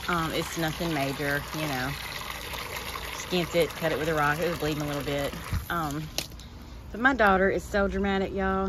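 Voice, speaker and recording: A woman's voice: medium pitch, background noise. A woman with a Southern American accent chatting casually to her camera outdoors in her yard, rambling and restarting her sentences as a family vlogger. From West Tennessee, USA. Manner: rambling, chatty, trails off and restarts mid-thought. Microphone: handheld camera.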